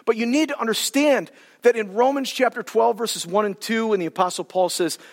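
A male pastor preaching in a church hall, his high voice carried on a long reverb. He talks in an animated, colloquial way as he unpacks Scripture. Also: fairly quick. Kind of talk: sermon.

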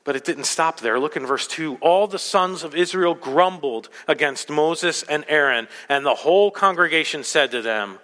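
Man preaching, bright voice, loud then hushed, big echoey church. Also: a little high, animated, moderate pace, few pauses. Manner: dramatic, swinging from loud exclamations to hushed asides. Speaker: pastor. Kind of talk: sermon. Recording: long hall reverb.

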